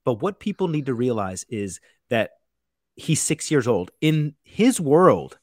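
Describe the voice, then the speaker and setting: A man in his thirties who works as a chef tells stories in a relaxed, rambling way. His talk is full of "like" and "you know," with some swearing. His voice sits at an ordinary pitch for a man and sounds dry and close to the mic. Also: unhurried, no room sound. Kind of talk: casual storytelling chat.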